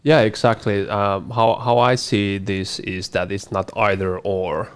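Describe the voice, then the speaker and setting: A man's voice: fairly low pitch, little pitch movement, unhurried, clear, resonant tone. A man co-hosting a casual Q&A, speaking hesitantly with repeated words and fillers. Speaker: co-host. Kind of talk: casual panel Q&A.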